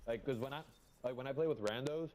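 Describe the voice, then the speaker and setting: A man playing a video game with a friend over voice chat, excitable and swearing often. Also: mid-range voice, fast, slight background noise. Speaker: teammate on voice chat. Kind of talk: casual gaming chat.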